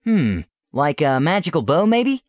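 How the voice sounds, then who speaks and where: A man voicing a brash, adventurous young princess in a bright, bouncy, impulsive way for a storybook tale. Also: fairly high pitch, very animated, unhurried, no echo, pitched above the performer's own voice. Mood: eager, playful. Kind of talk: storybook role-play reading.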